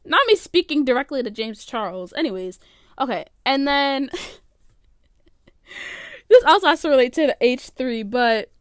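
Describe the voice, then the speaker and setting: Chatty high-voiced woman podcaster. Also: animated, measured pace, pauses often, no echo, studio quality. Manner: chatty, opinionated, many "like" fillers. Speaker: podcast host. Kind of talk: casual solo commentary.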